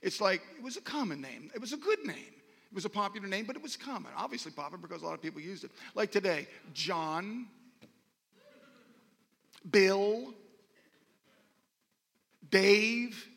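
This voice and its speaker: A man with a high, gravelly voice preaches a sermon in a folksy, rambling way, dropping joking asides to his congregation. His tone is bright and edgy. The sound carries the long reverb of a large church hall. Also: lively intonation, fast talker. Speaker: pastor.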